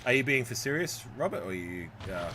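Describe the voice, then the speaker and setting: A man streaming a football video game live, chatting with viewers and swearing and shouting at plays. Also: medium pitch, big pitch swings, a little fast, background noise. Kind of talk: live gameplay commentary.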